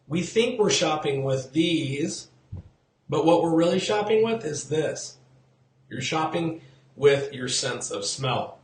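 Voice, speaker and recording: A man's voice: on the high side, roomy sound. A man in real estate hosting a live-streamed market talk, chatty, repeating key figures and quizzing his viewers. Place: outdoors in the sun.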